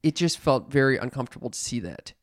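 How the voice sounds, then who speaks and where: A man co-hosting a candid podcast with his mother, telling stories in a profane, self-mocking and animated way. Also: medium pitch, fast, no echo, clean studio sound. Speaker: podcast co-host. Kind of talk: candid family podcast chat.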